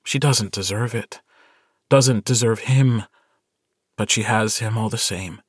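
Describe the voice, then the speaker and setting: A man reads a short story aloud in a measured, intimate storytelling manner. His voice sits low and moves slowly. The recording is dry and close. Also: breathy edge, dry recording. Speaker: audiobook narrator. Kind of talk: scripted narration.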